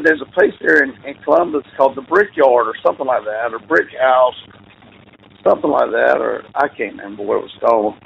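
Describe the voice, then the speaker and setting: A football coach, appearing as an interview guest, tells rambling stories in a casual chat, laughing and restarting as he goes. His voice is medium-pitched with vocal fry, and the audio is tinny and phone-like with faint noise.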